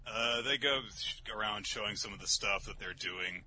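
A man casually recapping a manga chapter on a podcast, animated and sweary, often jumping into high mocking voices for the characters. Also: moderate pace, few pauses, slight background noise. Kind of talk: casual chat.

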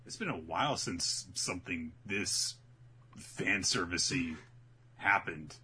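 A man hosting a casual podcast chat, animated and acting out scenes. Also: low voice, a little hiss or hum. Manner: animated, acts out scenes in quick voices. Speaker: podcast host.

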